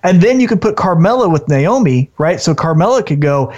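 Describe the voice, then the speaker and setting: A man co-hosting a casual wrestling podcast, talking in an animated way and briefly acting out wrestlers in put-on voices. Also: fairly high pitch, brisk, few pauses. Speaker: podcast co-host. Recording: dull lo-fi sound.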